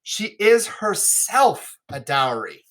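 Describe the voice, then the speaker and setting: Noble young king read by a teacher, earnest and measured, bright tone. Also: high voice, sing-song, pitched above the performer's own voice, exaggerated voice. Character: noble young male king, astonished suitor. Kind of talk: classroom read-aloud.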